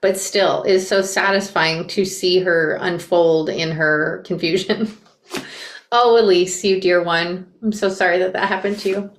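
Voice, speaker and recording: A young woman reading a memoir aloud and reacting to it, expressive and flustered as she re-enacts the narrator. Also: fairly low pitch, a little slow. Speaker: reader and reaction creator. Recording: echoey room.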